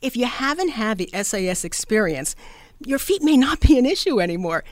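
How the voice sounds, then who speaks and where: A woman's voice: on the high side, big pitch swings, fairly quick, dry recording. A woman radio host, chatting enthusiastically through an ad read. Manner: enthusiastic, conversational.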